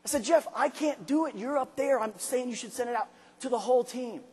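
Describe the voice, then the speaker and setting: Motivational guy on stage, high husky voice, big echoey arena, goes quiet then yells. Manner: swings from quiet intimate asides to shouted, drawn-out emphasis. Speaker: motivational speaker. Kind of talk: motivational speech to a large arena crowd. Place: large arena. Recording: live speech with long hall reverb.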